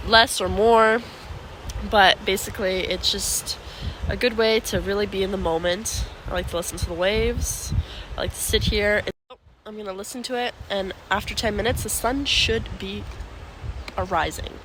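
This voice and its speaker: A woman's voice: mid-range voice, fairly even intonation, moderate pace, noisy background. A woman vlogger chatting casually and playfully on a handheld phone, outdoors on a seaside cliff. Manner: chatty, playful, talks to her dog. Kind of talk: casual vlog narration.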